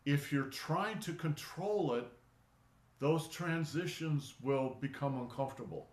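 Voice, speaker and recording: A man teaching an online qigong class, talking in a relaxed, conversational way that often stops and restarts. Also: fairly high pitch, a little slow. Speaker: qigong instructor. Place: indoor studio for online class. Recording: roomy echo.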